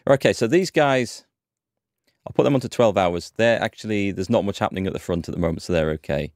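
A man's voice: on the low side, fairly quick, no echo, clean studio sound. A man hosting a gaming channel, chatting and thinking aloud as he plays. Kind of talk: let's-play commentary.

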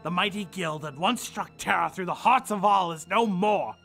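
A man voices a spiteful anime parody villain who shouts his sarcasm. The voice sits high and bright with a gravelly edge, and faint music plays beneath. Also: moderate pace. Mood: sneering villain. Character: vengeful sneering male murder-guild fanboy villain. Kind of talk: comedic anime parody dub.

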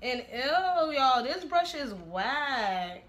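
Brash, bright-voiced woman vlogger. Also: high voice, big pitch swings, extremely slow. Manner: brash, profane and laughing. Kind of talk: casual get-ready-with-me chat. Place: at home, making dinner while filming.

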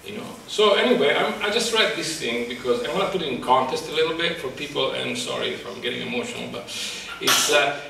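A male photographer speaking about his exhibit in a halting, passionate way, searching for words, at a microphone. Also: on the high side, gravelly, noisy background. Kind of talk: emotional public talk. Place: exhibit talk at a college, indoors. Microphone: microphone in front of him. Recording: echoey room, distant mic.

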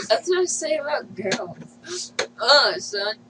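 A man joining a friend's casual prank video chat, tossing out deadpan one-liners and laughing a lot. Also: very high voice, extremely slow, noisy background. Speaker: co-host friend.

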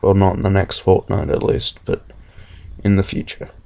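A man's voice: low voice, completely flat delivery, normal speed, gravelly, dark tone. A sick young man, nearly losing his voice, giving a hesitant, rambling channel update from bed. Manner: rambling, hesitant with many ums. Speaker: gaming channel host. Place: bedroom, in bed.

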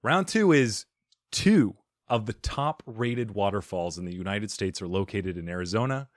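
A man's voice: on the low side, normal speed, no echo, studio quality. A man hosting a podcast, chatting casually and playfully quizzing his guest, laughing often. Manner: animated, laughs often, playful quiz-giving. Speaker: podcast host. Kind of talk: casual interview chat.

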